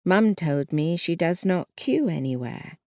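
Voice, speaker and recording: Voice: medium pitch, expressive, a little slow, darkish tone, dry recording, studio quality. A narrator voicing a timid, self-doubting young woman who speaks hesitantly and earnestly.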